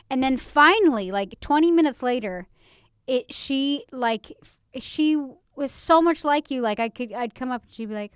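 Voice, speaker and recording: A woman's voice: fairly high pitch, brisk, smooth, dry recording, clean studio sound. A woman co-hosting a casual couples podcast with her husband, talking in a rambling way full of fillers and frequent laughs. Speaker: podcast co-host, wife.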